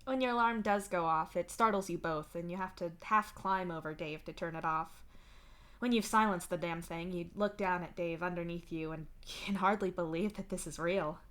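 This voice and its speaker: A woman streamer giving an expressive, conversational live reading of fan fiction. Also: on the low side, normal speed.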